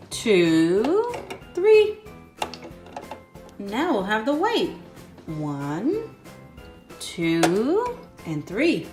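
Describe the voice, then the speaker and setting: A young woman hosting a children's toy video, talking in a sing-song, excited way and counting slowly. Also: a little high. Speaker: kids' toy video host. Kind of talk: children's toy play narration. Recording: echoey room, faint music.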